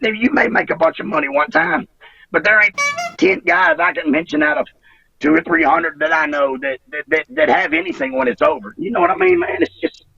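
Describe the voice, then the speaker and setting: A husky, gravelly man in his fifties speaks haltingly, circling back over his words and swearing freely as his feelings rise. His pitch swings widely. The sound is dry, distant and muffled, like a remote call. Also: huge pitch swings, bright, forceful tone, no echo. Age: 50s. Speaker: retired wrestler, interview guest. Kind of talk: emotional interview over a call.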